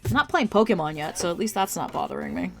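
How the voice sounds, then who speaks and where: A woman's voice: fairly low pitch, expressive, quick pace, vocal fry, a bit bright, faint music behind. A woman streamer chatting casually while she draws, ranting and swearing as she vents about a game. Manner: ranting, salty, swears freely. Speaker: art streamer.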